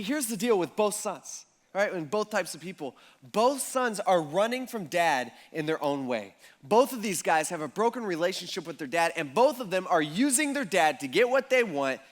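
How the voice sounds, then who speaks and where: A pastor preaching a sermon in a casual, conversational way, often checking in with the congregation and acting out the people in the story. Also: male voice, high-pitched. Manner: animated, acts out the people in the story.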